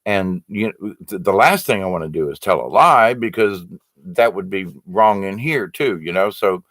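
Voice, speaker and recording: A man's voice: deep voice, expressive, moderate pace, a bit bright, no room sound. A man hosting a casual spiritual livestream, reading out viewer comments and talking them through in an earnest, rambling way full of fillers and restarts.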